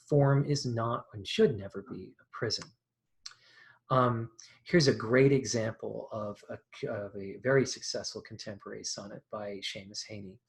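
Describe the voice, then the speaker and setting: A man's voice: fairly low pitch, rough recording. A man teaching a poetry lesson in a loose, conversational way, with many ums and restarts. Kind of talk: recorded lecture.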